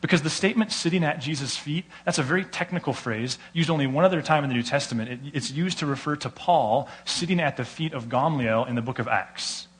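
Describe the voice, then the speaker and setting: A man with an American accent preaching a sermon, telling stories with lively delivery and acting out the people he quotes. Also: a little high, fast talker, few pauses. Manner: animated storytelling, acts out quoted voices. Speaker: pastor.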